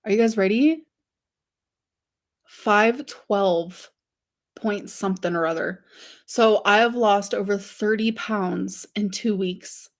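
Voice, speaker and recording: A woman's voice: medium pitch, slow, long pauses. A woman chatting casually to viewers on a livestream, rambling with lots of fillers and giggles.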